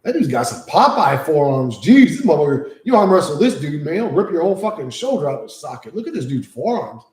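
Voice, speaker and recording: A man's voice: on the high side, big pitch swings, fast, few pauses, darkish tone. Profane, rambling man in an echoey room. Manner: loose and profane, cooing baby talk to his pet. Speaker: streamer. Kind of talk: casual live-stream chat.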